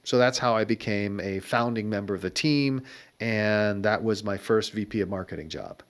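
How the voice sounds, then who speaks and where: Middle-aged male guest, low voice, wry reflective storyteller, conversational interview. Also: moderate pace, clear, resonant tone. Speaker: guest entrepreneur.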